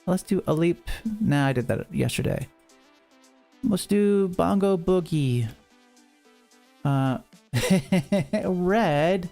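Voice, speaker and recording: Playful streamer, gravelly tone, hyped race-caller delivery. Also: medium pitch, lively intonation, drawn-out words, pauses often, dark tone, soft background music. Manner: playful, hyped announcer bursts, meows. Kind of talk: live stream chat and playful race commentary.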